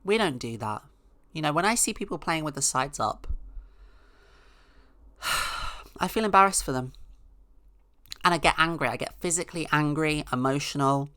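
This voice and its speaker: A woman's voice: sits low, animated, normal speed, long pauses, fairly bright tone, no room sound, clean studio sound. A woman hosting a podcast, telling a rambling, sarcastic comic story with mock-outraged asides. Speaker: podcast host. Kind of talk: casual comedic monologue.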